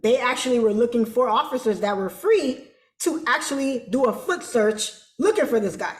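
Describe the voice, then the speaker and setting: A woman telling a story as an interview guest, animated and colloquial, acting out quoted voices. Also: on the high side, moderate pace, echoey room. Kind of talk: casual storytelling.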